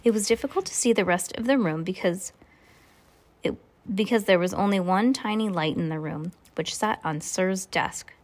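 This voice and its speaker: A woman's voice: medium pitch, moderate pace. A woman reading a novel aloud in a casual way, with small slips and asides. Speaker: reader.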